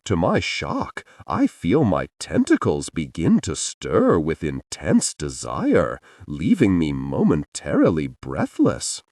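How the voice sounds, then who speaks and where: Deep, slow male audiobook narrator. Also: wildly swooping pitch, a little mellow, no room sound, studio quality. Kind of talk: first-person romance narration.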